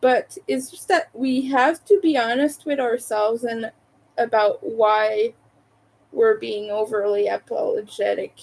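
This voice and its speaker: A woman's voice: on the high side, darkish tone, rough recording. Candid, opinionated woman from Montreal. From Canada, Montreal. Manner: candid, opinionated, laughs between remarks. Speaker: livestreamer. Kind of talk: casual chat to a live audience.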